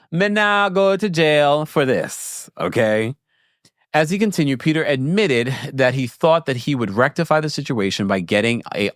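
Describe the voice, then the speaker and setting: A man's voice: medium pitch, no room sound, clean studio sound. A man hosting a casual reality TV recap livestream, giving sassy commentary and reading chat comments. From Jamaica. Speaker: host.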